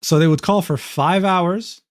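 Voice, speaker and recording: A man's voice: high-pitched, a little slow, no echo, clean studio sound. Casual, swearing male streamer. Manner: casual, swears freely, laughs often. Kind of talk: casual commentary reading DMs aloud.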